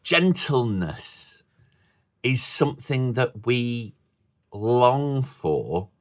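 A man preaching slowly to a mixed congregation of adults and children. His pitch rises and falls a great deal, and his thoughtful delivery is broken up by playful asides. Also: big pitch swings. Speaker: pastor.

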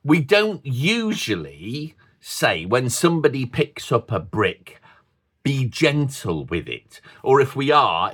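A man preaching a sermon to a congregation with children, in a slow, thoughtful, conversational way with playful asides. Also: mid-range voice, a bit bright, slightly rough. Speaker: pastor.

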